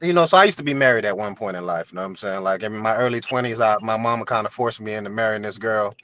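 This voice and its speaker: A man's voice: fairly low pitch, fast talker, a bit bright, highs cut off. A man in his thirties with roots in a Haitian family, telling a long story on a video call panel. He talks loosely and profanely and keeps asking "you know what I'm saying". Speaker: show host.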